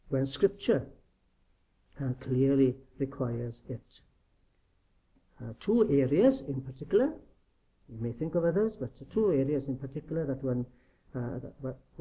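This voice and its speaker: A man preaching a sermon in an earnest, emphatic way, often asking rhetorical questions. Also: medium pitch. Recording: dull lo-fi recording.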